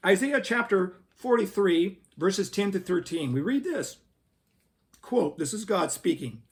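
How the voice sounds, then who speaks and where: A man's voice: high voice, animated, measured pace. A man hosting a Christian commentary video, earnest and preacherly, reading scripture aloud. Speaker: host.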